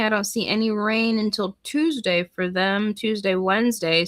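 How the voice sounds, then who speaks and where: A woman's voice: mid-range voice, a bit bright. A woman hosting a casual livestream, chatting with viewers and reading weather forecasts aloud. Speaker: livestream host.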